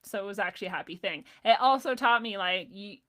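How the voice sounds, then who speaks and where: A woman's voice: mid-range voice, fast talker, fairly bright tone. A woman vlogger telling a personal story in a casual, chatty way, laughing often and acting out what she said back then. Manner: chatty, laughs often, many "like" fillers, acts out her own past lines.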